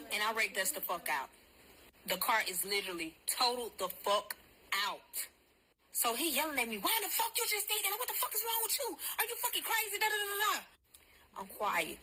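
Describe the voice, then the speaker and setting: A woman telling a personal story to viewers in a blunt, profane, animated way. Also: medium pitch, slight background noise, poor audio.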